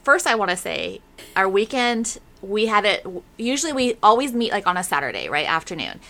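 A woman's voice: medium pitch, big pitch swings, a little fast, pushed and bright. A woman hosting a casual chat, giggly and chatty, steering the conversation along. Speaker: podcast host.

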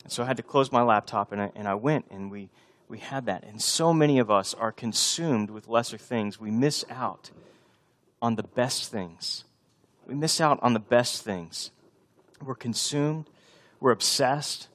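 A man's voice: mid-range voice, unhurried, a bit bright. A male pastor in his thirties preaching a sermon, conversational and often building to emphatic repetition.

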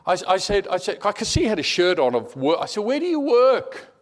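A middle-aged man preaching a sermon, telling personal stories in an animated way, repeating words and dropping to a hush. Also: high voice, fast.

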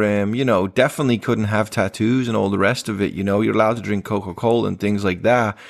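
A man hosting a faith podcast, asking leading questions and agreeing often in conversation. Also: mid-range voice. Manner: prompting, leading questions, frequent agreeing "yeah". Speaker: podcast host. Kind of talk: conversational interview.

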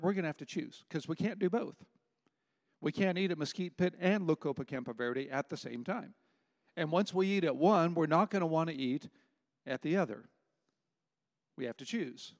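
A man in his sixties preaching a sermon, firing emphatic rhetorical questions and mixing in folksy personal stories. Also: a little high. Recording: long reverb of a large hall.

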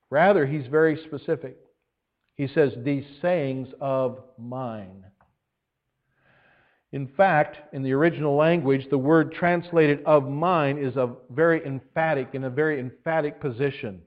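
A man with a high voice preaches a sermon. He is earnest and leans hard on key words with deliberate pauses. The recording sounds dull and lo-fi, like an old church tape. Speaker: pastor.

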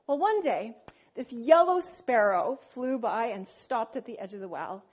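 A woman preacher with a high voice leads a sermon. She prays earnestly and tells stories in a lively, expressive way. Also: a little slow, breathy edge. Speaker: pastor. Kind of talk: sermon with prayer and storytelling.

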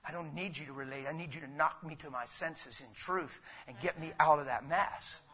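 A man preaching a sermon in a conversational, rhetorical way, with sudden loud bursts. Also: fairly high pitch, normal speed. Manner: conversational, calls listeners "man" and "guys". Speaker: pastor.

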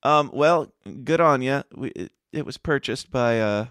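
Male podcast host, mid-pitched voice, dry close mic, rambling and hesitant. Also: measured pace, a bit bright, clean tone, no echo. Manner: rambling, hesitant, laughs often. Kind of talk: casual news commentary chat.

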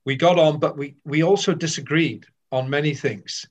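An older man from Wales telling candid stories of his cricket career, lively and with frequent restarts. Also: a little high, moderate pace. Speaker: former cricketer. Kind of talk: reminiscing storytelling.

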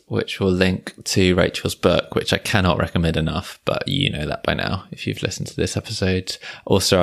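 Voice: low voice, vocal fry. A podcast host wrapping up a casual interview with appreciative, enthusiastic praise for the guest.

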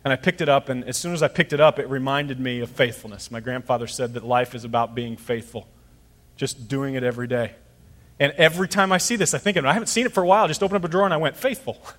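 A man's voice: mid-range voice, fast, a bit bright, long reverb tail. A middle-aged man preaching a sermon as pastor, conversational and storytelling, acting out voices in his stories.

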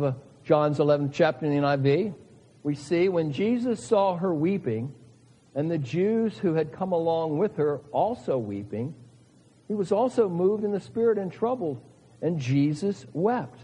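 A man preaches a sermon with earnest, dramatic rises in his delivery. His voice is mellow and a little husky, on the higher side for a man. It rings out with a long reverb, as if in a large hall. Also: lively intonation, normal speed. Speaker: pastor.

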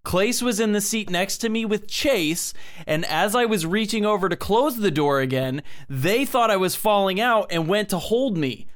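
High-voiced young man telling stories. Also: expressive, moderate pace. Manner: storytelling, laughs easily. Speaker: sibling on a family podcast. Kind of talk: casual family chat.

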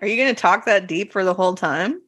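A woman's voice: mid-range voice, lively intonation, fast talker, fairly bright tone, slightly rough, dry recording. A woman co-hosting a podcast in casual chat, playful and giggly with bawdy jokes. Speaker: podcast co-host.

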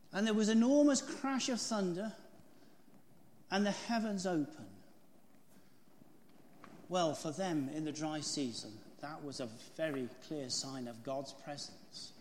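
A man preaching a sermon in a high, very animated voice, telling stories and asking rhetorical questions. The sound carries a long reverb from a large hall. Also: slight background noise. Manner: storytelling, asks the congregation rhetorical questions. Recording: echoey hall.

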